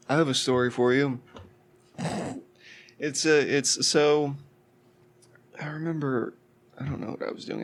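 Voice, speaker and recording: Gravelly man telling a story casually. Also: mid-range voice. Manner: animated storyteller, joking. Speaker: podcast co-host.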